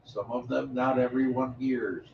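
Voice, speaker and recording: A man in the room making quiet, dry teasing remarks. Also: mid-range voice, steady tone, measured pace, vocal fry, echoey room, far from the mic, muffled recording, heavy background noise. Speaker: host's partner in the room.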